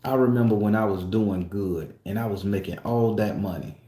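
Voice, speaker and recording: A man's voice: fairly low pitch, normal speed, mellow. Emotional, profane man in echoey room. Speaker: tattoo shop client. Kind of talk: emotional personal storytelling.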